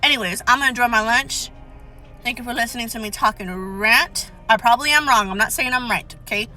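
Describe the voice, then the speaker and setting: A woman's voice: a little high, brisk, pushed and bright, faint music behind, low-quality recording. A young woman telling a storytime rant in a casual, exasperated and sarcastic way, swearing freely. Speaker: storyteller vlogger.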